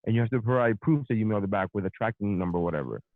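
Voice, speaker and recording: A man's voice: fairly low pitch, rapid-fire, dry recording. Podcast host, male, swearing storyteller; dry, phone-narrow sound. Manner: profane, animated storytelling. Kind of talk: casual storytelling rant.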